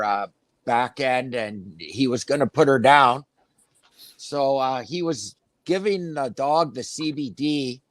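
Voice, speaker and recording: A man's voice: medium pitch, dry recording. A man in a casual podcast chat who jokes and laughs easily.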